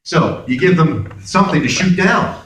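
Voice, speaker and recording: Animated Brooklyn man in an echoey hall. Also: fairly high pitch, normal speed, distant mic. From Brooklyn, New York. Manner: animated, acts out dialogue in voices. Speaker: convention panel guest. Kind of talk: convention Q&A storytelling. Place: large convention hall. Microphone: camera in the audience, far from the speaker.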